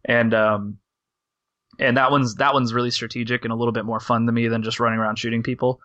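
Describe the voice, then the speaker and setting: A man's voice: mid-range voice, little pitch movement, quick pace, pushed and bright, dry recording, highs cut off. A man co-hosting a podcast, talking in a rambling casual way with lots of fillers. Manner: rambling, filler-heavy, laughs easily. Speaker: podcast co-host. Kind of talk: casual chat.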